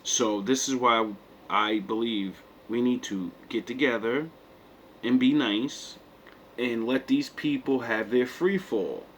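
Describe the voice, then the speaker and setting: Male co-host, mock-sermon rant, mid-pitched, cursing freely. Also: slow, a bit bright, a little hiss or hum. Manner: mock-sermon delivery, profane. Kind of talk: preachy comedic rant.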